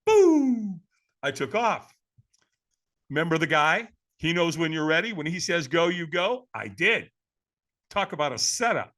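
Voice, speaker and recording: A man in his seventies from California, a podcast guest telling a story in a lively way, often calling the listener "man.". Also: a little high, normal speed. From California, USA. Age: 70s. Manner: lively, acts out quoted voices, says "man" often. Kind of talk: animated storytelling.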